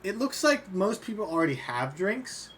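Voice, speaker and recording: A man's voice: high-pitched, sing-song, normal speed, a bit bright, slight background noise. A man narrating as game master in a tabletop role-playing game, easygoing and describing scenes with small fillers.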